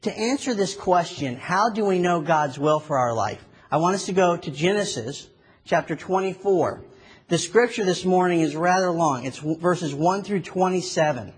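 A man preaching a sermon in an earnest, prayerful, measured way. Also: high voice, expressive, breathy edge.

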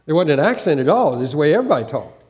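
A man preaching a sermon in a voice pitched a little above most men's. He was raised in the American South, and a faded Southern accent still colours his speech. He talks earnestly and haltingly, with frequent restarts and repeated words. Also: very animated, a little mellow. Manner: earnest, with occasional laughter. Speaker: pastor.

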